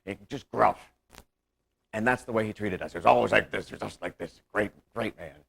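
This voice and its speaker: A man performing a one-man stage monologue, theatrical, swinging between loud outbursts and hushed recollection. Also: on the low side, fast, creaky, slightly rough.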